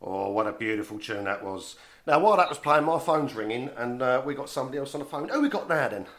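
A man's voice: medium pitch, expressive, fast, a bit bright. A man with a Cockney accent hosting a radio show, chatting casually and teasing his caller in a jokey way. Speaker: radio host. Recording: music playing underneath.

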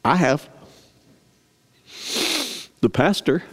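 Conversational pastor in an echoing hall. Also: male voice, a little high, huge pitch swings, slow pace, long pauses. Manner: conversational, storytelling, asks the congregation questions. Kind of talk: sermon. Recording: long reverb of a large hall.

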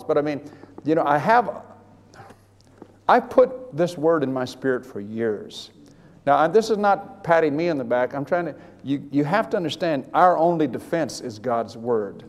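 An older man preaching, telling a personal story in a rambling, animated way with many restarts. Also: fairly high pitch, big-room sound. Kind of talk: sermon testimony.

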